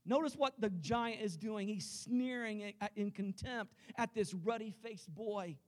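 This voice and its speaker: A man's voice: high-pitched, measured pace. A pastor preaching a sermon in a church, emphatic and rallying his congregation directly. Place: church sanctuary.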